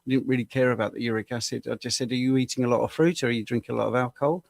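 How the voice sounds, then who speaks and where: A man in his sixties, a health coach, telling client stories in a relaxed, measured way during a casual chat. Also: medium pitch, creaky, no room sound. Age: 60s. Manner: anecdotal, measured storytelling.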